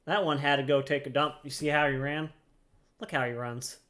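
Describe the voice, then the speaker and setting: A man's voice: a little high, steady tone, moderate pace, fairly bright tone. A man casually commenting while playing a video game, jokey and playful, laughing often. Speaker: let's-play host.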